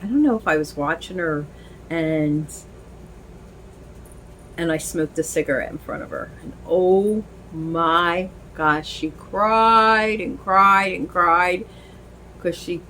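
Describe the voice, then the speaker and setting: Chatty woman with a lower voice. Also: measured pace, slight background noise, low-quality recording. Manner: rambling, chatty, many fillers and restarts. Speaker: vlogger. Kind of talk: casual chat while dressing a doll.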